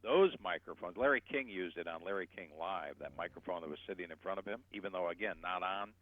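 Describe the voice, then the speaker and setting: A man explaining voice technique as a guest voice coach, animated and shifting his loudness to demonstrate. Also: low-pitched, quick pace. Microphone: telephone. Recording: tinny phone line.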